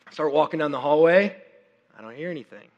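A man in his thirties, a worship pastor preaching a sermon, chatty and animated with many fillers and restarts, audibly unwell and working to clear his throat. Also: on the high side, fast talker, dull audio. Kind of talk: sermon with personal storytelling. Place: church service. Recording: long reverb of a large hall.

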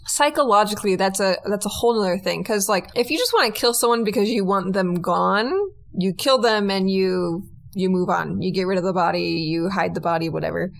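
A woman's voice: mid-range voice, a little fast, vocal fry. Blunt, sarcastic woman podcast co-host. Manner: reactive, blunt, sarcastic commentary. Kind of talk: casual podcast chat.

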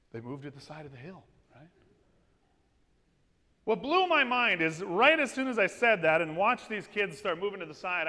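A man preaching a sermon, telling stories with lively energy and asking his congregation "amen?". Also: high voice. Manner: lively storytelling with call-and-response "amen?". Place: church. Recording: long reverb of a church hall.

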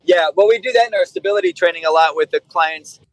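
A man who trains dogs, talking over a remote call in a lively, emphatic way and acting out what people say. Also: high-pitched, fast talker, no room sound, low-quality recording. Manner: animated, acts out quoted voices and swears for emphasis. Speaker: dog trainer. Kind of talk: casual conversation.

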